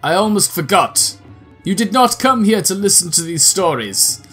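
Guy putting on a gruff demon general, fatherly and stately, bit of background music. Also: high-pitched, expressive, normal speed, fairly bright tone, heavily acted. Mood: solemn.

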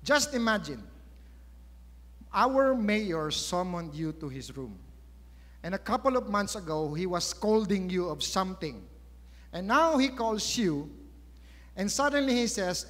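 A high-pitched Filipino man delivers a sermon in a big church hall, and long reverb trails each phrase. He tells the story emphatically, stopping to put rhetorical questions to his listeners. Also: lively intonation, a little slow, pauses often, fairly bright tone. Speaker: preacher.

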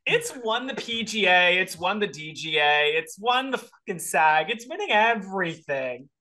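A man's voice: sits high, big pitch swings, moderate pace, sharp tone. A man hosting a podcast in casual chat, rambling and exclamatory. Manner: chatty, rambling with fillers, exclamatory. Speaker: podcast host.

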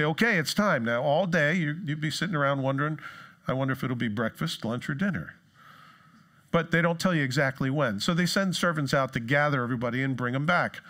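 A man preaching a sermon in a casual, joking way, acting out quoted excuses in higher, put-on voices. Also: a bit bright. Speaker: pastor. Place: church.

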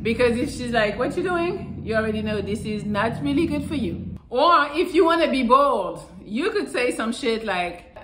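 A woman's voice: a little high, lively intonation, moderate pace, noisy background. Frank, foul-mouthed woman in a roomy space. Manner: frank and profane, acts out little quotes. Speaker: dating advice vlogger. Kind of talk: casual advice talk to camera.

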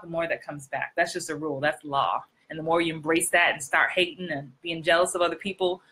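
A woman coaching actors in a chatty, animated live stream, talking straight to her viewers. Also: on the low side, husky. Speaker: acting coach. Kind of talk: live-streamed acting tips.

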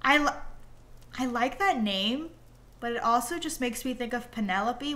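A young woman chats on a live stream in a high, bright voice, with a lot of rise and fall in her pitch. She rambles and giggles as she talks to her viewers. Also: lively intonation, fairly quick. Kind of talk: casual live-stream chat.

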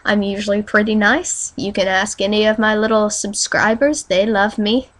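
A young woman on a quiet webcam mic, chatting in a bubbly, goofy, apologetic way, a bit stuffy from allergies. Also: medium pitch, fairly even intonation, normal speed, rough recording. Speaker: YouTuber auditioning for a collab channel. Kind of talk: casual webcam vlog.

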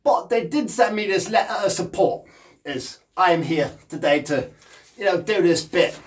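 A man's voice: sits high, expressive, moderate pace. A man playing a brash, boozy, scatterbrained male punk rocker, rambling cheekily in a comic monologue. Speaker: punk singer and guitarist. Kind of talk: comedic monologue in character.

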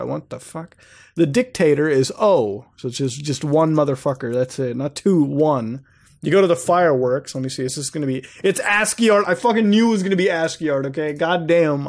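A man's voice: fairly high pitch, expressive, normal speed, darkish tone. A young man hosting a gaming channel, rambling and swearing casually as he browses websites and laughs at them. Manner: profane, rambling, laughs often.

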